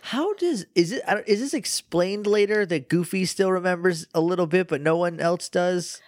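A man's voice: high-pitched, normal speed, no room sound, studio quality. A young adult man co-hosting a podcast, casual, laughing easily and asking curious questions. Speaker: podcast co-host. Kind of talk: casual chat.

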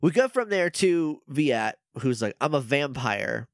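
A young man co-hosting a podcast, chatting casually and acting out characters' lines in quick voices. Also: medium pitch, very animated, no echo, clean studio sound. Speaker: podcast co-host. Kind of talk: casual recap chat.

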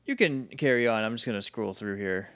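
A man's voice: lowish voice, lively intonation, a little fast, fairly bright tone, smooth, no room sound. A man in his late twenties co-hosting a podcast, laid-back, with wry asides. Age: 20s. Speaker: podcast co-host. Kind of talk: casual chat.

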